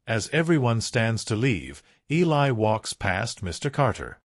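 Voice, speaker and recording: A man narrating a scripted story in a slow, deliberate storytelling manner. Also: medium pitch, very animated, dry recording, studio quality.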